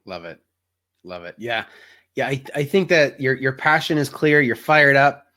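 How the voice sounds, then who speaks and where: A man's voice: mid-range voice, animated, normal speed, pushed and bright. A man hosting an interview podcast, affirming his guest and addressing listeners directly. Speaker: podcast host.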